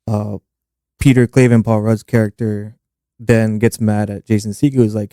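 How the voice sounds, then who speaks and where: A man co-hosting a movie podcast, calmly walking through the plot in a steady, explanatory way. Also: on the low side, moderate pace, no echo, clean studio sound. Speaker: podcast co-host. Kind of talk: casual movie discussion.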